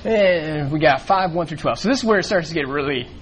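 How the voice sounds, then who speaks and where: A man's voice: on the high side, animated, a little fast, slight background noise, rough recording. Rambling man leading a bible study. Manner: rambling, frequent fillers and restarts. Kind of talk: casual bible teaching.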